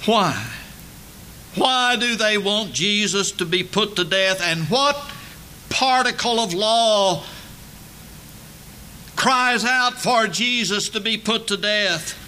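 High, bright-toned slow preacher man. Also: slight background noise. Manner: emphatic, building to loud dramatic peaks. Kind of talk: sermon.

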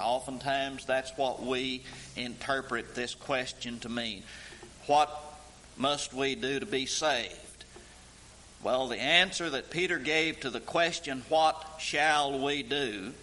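A man preaching a sermon, slow and emphatic, swelling into intoned passages at his high points. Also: pushed and bright, low-quality recording.

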